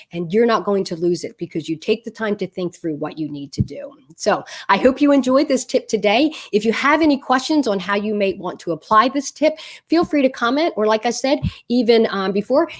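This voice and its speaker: Brief: middle-aged woman, parenting coach, animated storyteller with an average-pitched voice and easy laughs. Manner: animated storyteller, laughs at her own tale. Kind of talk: storytelling parenting advice video.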